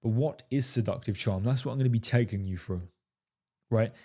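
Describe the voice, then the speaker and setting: A man with a low, mellow, dark voice delivers a coaching monologue to his viewers. He talks emphatically and curses freely, tagging his points with "fellas" and "right?". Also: fairly quick. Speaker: dating coach.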